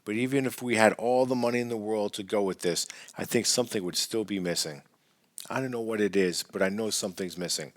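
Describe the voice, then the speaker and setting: A man's voice: fairly low pitch, fairly quick, natural voice. A man reading an audiobook, voicing a distressed young wife who pleads and snaps by turns. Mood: sorrowful. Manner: pleading, sharp when angry.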